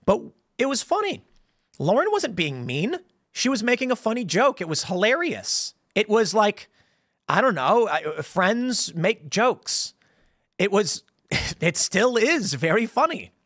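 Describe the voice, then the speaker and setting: An American man hosting a political commentary show, telling stories in a rambling, animated way with frequent restarts and laughs. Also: sits high, unhurried, no room sound, studio quality. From United States. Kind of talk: casual political commentary monologue.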